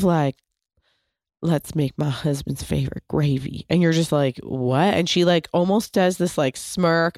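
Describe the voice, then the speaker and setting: A woman's voice: deep voice, dry recording, clean studio sound. A woman hosting a podcast in casual, rambling chat, full of "like" fillers and the odd swear word. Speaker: podcast host.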